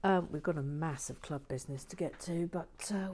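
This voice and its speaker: A woman hosting a relaxing toy-brick build video, talking gently and often dropping into whispers with playful asides. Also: low-pitched, moderate pace, few pauses, a little hiss or hum. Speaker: Lego build channel host. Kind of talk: soft-spoken relaxing build commentary.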